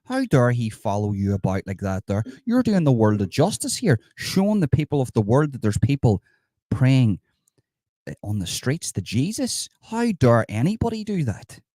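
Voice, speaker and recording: A man giving sarcastic live commentary over video clips, mock-approving and breaking into excitable outbursts. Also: mid-range voice, moderate pace, no echo, clean studio sound. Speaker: satirical commentator.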